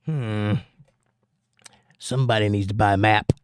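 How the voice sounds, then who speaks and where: A man's voice: fairly low pitch, fairly even intonation, a little slow, smooth, no room sound. A man hosting a casual livestream, reading viewers' chat comments aloud and arguing back at them.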